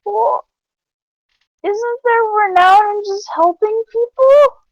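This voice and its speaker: A woman's voice: very high-pitched, slow pace, no room sound, lo-fi sound, voice pushed up, exaggerated voice. A woman voicing a drunk, friendly woman who talks like a seventies hippie, rambling and slurring during a tabletop role-play game. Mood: tipsy, earnest.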